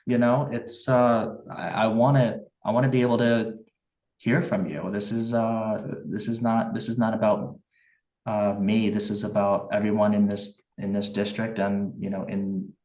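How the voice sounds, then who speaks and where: Man, earnest political candidate, fairly low voice, passionate, roomy echo. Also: a little mellow, far from the mic. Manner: earnest, impassioned, many restarts and fillers. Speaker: write-in congressional candidate. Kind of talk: interview answers.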